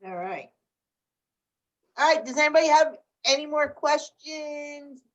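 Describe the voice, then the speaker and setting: A woman hosting a video call, taking questions from viewers in an unhurried way. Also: high voice, lively intonation, fairly bright tone. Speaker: host. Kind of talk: casual chat. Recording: distant video call audio.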